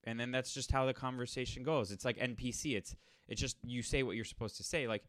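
A young man telling a rambling, sardonic story in a casual monologue, now and then mocking people in quick impressions. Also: mid-range voice, steady tone, a bit bright, dry recording. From Los Angeles area.

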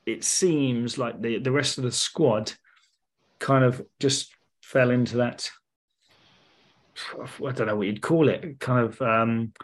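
A man talks football on a casual podcast, rambling and hesitant, often stopping to restart his sentences. His voice sits at an ordinary mid pitch. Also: slow, long pauses. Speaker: podcast co-host.

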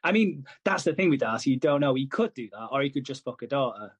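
A man's voice: medium pitch, animated, fast talker, husky, no echo. Male podcast co-host, loose sweary recap voice, dry close mic. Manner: sweary, rambling, acts out characters' lines. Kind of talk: casual chat recapping a soap.

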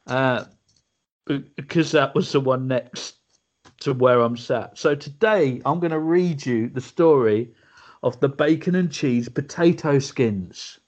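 A man's voice: mid-range voice, a little slow, darkish tone. A man, co-hosting a podcast in playful casual chat, laughing often. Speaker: podcast co-host. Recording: dull lo-fi audio.

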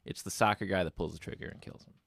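A man's voice: low voice, fairly even intonation, fast, gravelly, a bit bright, no room sound. A man co-hosting a podcast, casually retelling a movie plot and acting out the characters' quoted lines. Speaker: podcast co-host. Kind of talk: casual movie recap chat.

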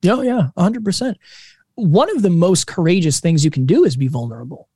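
Energetic man telling a story. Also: high-pitched, fairly quick, husky, dry recording, clean studio sound. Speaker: podcast co-host, interview guest. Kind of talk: casual storytelling interview.

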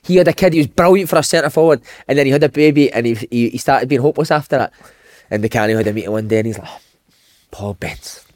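A man's voice: medium pitch, very fast, darkish tone. A Scottish man in his thirties, a former footballer hosting a podcast, telling anecdotes in casual chat and swearing a lot. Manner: swearing, storytelling, says "mate" often.

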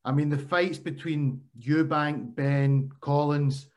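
A man's voice: a little high, fairly even intonation, slow pace. A man interviewing a guest in a casual, jokey and enthusiastic way.

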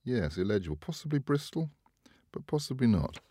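A man hosting a casual chat show, talking in a chatty way, laughing often and trailing off quietly. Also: mid-range voice, big pitch swings, a little fast, breathy edge, no echo, clean studio sound. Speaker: podcast host.

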